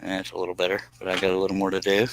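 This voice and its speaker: A man's voice: low voice, completely flat delivery, racing, slight background noise, low-quality recording. A man, casually chatting and joking with viewers on a live stream while doing scroll saw work in his workshop.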